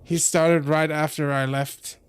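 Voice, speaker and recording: A young man streaming, reading a visual novel aloud with commentary, slowly and often correcting himself. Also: on the high side, little pitch movement, clean tone, no room sound. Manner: slow reading with frequent self-corrections.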